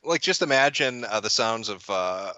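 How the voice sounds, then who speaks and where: A man with a lowish, expressive voice talks at a normal pace, his sound pushed and bright with no room echo. He's a guest in a casual chat, rambling and swearing, tripping over restarts and laughing mid-sentence out of amusement.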